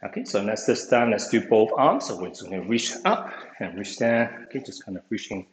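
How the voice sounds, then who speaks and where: Over a video call from an echoey room with faint noise, a man leads an online exercise class in a fairly low, sing-song voice at a slightly fast pace. He sounds a bit out of breath, keeps encouraging everyone, and says "okay" over and over.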